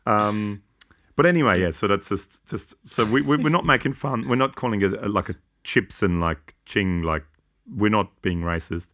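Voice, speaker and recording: A man's voice: lowish voice, expressive, a bit bright. A man with an Australian accent, co-hosting a podcast in casual, rambling chat full of jokes and side notes. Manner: joking, rambling, quick asides. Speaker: podcast co-host.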